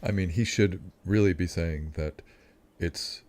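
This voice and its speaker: A man's voice: sits low, unhurried, a little mellow. A man hosting reaction commentary, adding dry, sarcastic asides. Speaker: commentary host.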